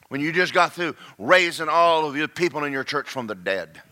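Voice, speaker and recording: Fervent, bright-voiced preaching man. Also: a little high, lively intonation, normal speed, hardly any pauses. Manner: folksy, fervent preaching that swings from quiet asides to shouting. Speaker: pastor. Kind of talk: sermon.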